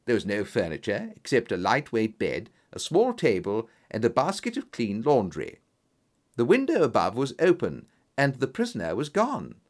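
A man narrating a detective story in a measured, expressive way, voicing each character in turn. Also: mid-range voice. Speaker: audiobook narrator.

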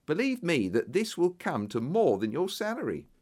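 A man doing an effusive, flattering businessman. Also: on the high side, normal speed, voice pushed up. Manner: exclamatory, flattering, animated. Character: eager, effusive older male businessman. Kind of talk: audiobook character voice.

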